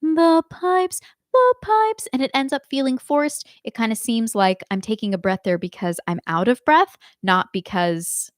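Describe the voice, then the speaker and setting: A woman teaching a live online singing lesson, explaining slowly and singing short examples. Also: mid-range voice, no room sound, clean studio sound.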